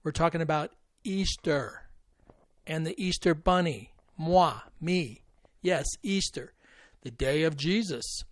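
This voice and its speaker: A man's voice: fairly high pitch, slow pace, dry recording. A man playing a snarky, rambling male Easter bunny in a satirical comedy monologue, sarcastic and forever digressing. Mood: sardonic.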